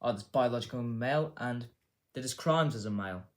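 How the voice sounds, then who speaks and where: A man's voice: medium pitch, brisk. A man hosting a casual news commentary show, rambling and swearing with a sarcastic edge. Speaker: host.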